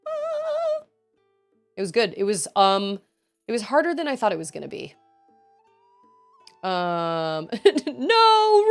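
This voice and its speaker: A chatty woman in her thirties talks casually while she plays, answering her chat. Her voice moves up and down a lot as she talks. Soft background music plays under her voice. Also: medium pitch, vocal fry. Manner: chatty, reads chat aloud, laughs often. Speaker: streamer.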